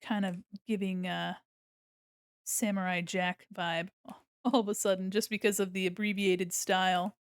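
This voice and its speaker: A woman's voice: mid-range voice, flat delivery, unhurried, clear, resonant tone, dry recording, studio quality. An American woman streaming her art, chatting casually and giggling as she thinks aloud while she draws. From United States.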